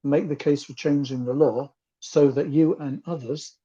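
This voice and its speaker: A man's voice: on the high side, steady tone, unhurried, dark tone, slightly rough, lo-fi sound. A man explaining a point methodically and wryly in a campaign meeting. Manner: analytical, methodical, wry. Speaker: campaign group member.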